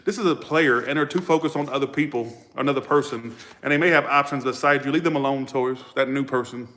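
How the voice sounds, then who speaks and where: A man's voice: mid-range voice, quick pace, fairly bright tone, slight background noise. A man reads tarot cards in a loose livestream style. He is outspoken and foul-mouthed, and he talks straight to his viewers. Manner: blunt, profane and outspoken. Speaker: tarot reader. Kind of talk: casual livestream tarot reading.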